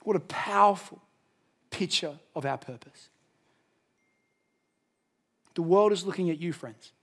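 Australian male pastor, fairly high voice, passionate sermon delivery that drops to near-whispers for emphasis. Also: unhurried. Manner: passionate preaching, swinging from loud emphasis to hushed intensity.

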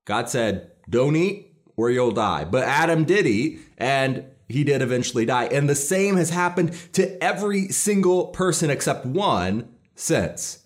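A man's voice: medium pitch, sing-song, measured pace. Male pastor, mid-range voice, earnest and emphatic sermon delivery.

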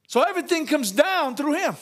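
Pastor, male, very high voice; exuberant call-and-response sermon, frequent laughs and shouts. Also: animated, brisk. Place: church.

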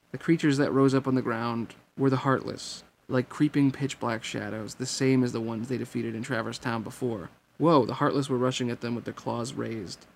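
A man's voice: medium pitch, gravelly, slight background noise. A man narrating a novel chapter as an amateur audiobook reading, in plain storytelling. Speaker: reader.

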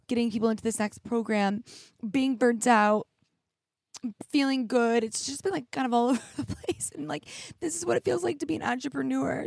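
A young woman with a high-sitting voice, vocal fry, a darkish tone and a breathy edge hosts her own emotional solo podcast. She reflects openly, at times teary, using "like" again and again. Recorded on a studio mic with headphones, the audio is studio quality without room sound.

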